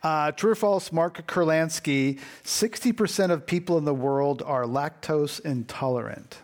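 A man hosting a radio panel discussion, running a quick quiz with his guests in a brisk, upbeat way. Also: on the high side. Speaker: radio show host.

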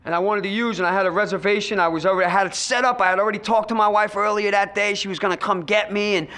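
Man, recovery-meeting testimony; high, bright voice, acts out dialogue, loud to hushed. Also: steady tone, rapid-fire. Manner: storytelling, acts out quoted voices, swings between loud and hushed.

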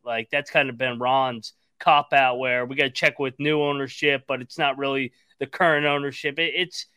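A man with a bright, crisp voice co-hosts a sports betting podcast. He teases the others and fires off opinions in a relaxed chatty way, recorded close and dry. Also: medium pitch, no echo. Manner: teasing, quick opinions. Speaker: podcast co-host. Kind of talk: casual sports betting chat.

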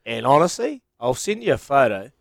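A man's voice: medium pitch, sing-song, moderate pace, vocal fry, dry recording. A man co-hosting a radio show, telling a rambling, self-proud story in casual banter. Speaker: radio co-host.

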